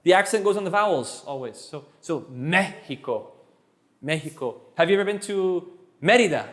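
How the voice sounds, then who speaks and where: A man of French mother tongue tutoring Spanish in an energetic lesson, quick and playful, repeating words as he goes. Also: sits high. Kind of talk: energetic one-on-one language lesson.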